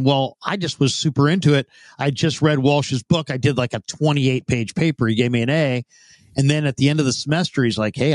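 A man's voice: medium pitch, dry recording. Chatty man in his fifties telling stories. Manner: rambling anecdotes, acts out quoted dialogue. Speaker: interview guest, former radio host. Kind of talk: storytelling in a casual interview.

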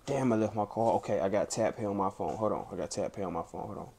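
A man's voice: fairly low pitch, fast, gravelly, darkish tone, slight background noise. A man acting out an angry young man who storms off for bear spray, groaning and sighing theatrically. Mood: mock fuming. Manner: fuming, theatrical sighs and groans.

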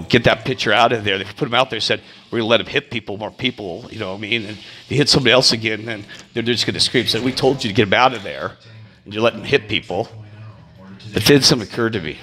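A man's voice: on the low side, poor audio. A man who coaches youth baseball, telling stories in a casual monologue and acting out the people he quotes. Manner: animated, acts out quoted people in raised voice.

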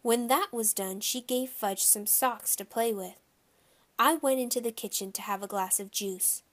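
A woman narrating a children's audiobook with expressive storytelling. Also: a little high, normal speed.

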